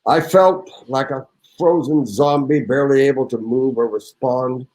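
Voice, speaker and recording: A man's voice: medium pitch, moderate pace, darkish tone, low-quality recording. A man around seventy, an actor and guest, reading a memoir anecdote and chatting in a raucous, theatrical way.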